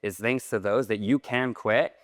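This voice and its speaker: A man telling a personal story to an audience in a large hall, in a lively way with many casual fillers. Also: fairly low pitch, moderate pace, studio quality. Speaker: speaker. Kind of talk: storytelling talk.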